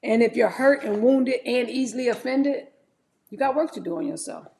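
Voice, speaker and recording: Woman in her forties, livestream host, higher voice with a gravelly edge, chatty and candid, faint noise behind. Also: expressive, normal speed, a little mellow. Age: 40s. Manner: chatty and candid, often calls viewers "y'all". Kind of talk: casual livestream chat while preparing fruit.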